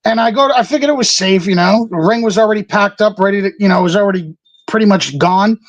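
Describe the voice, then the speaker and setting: High-pitched guy, wrestler guest on a talk show, loose rambling storyteller. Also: fast talker, no room sound, rough recording. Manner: animated storyteller acting out what others said; loose, rambling, laughs often. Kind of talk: casual interview storytelling.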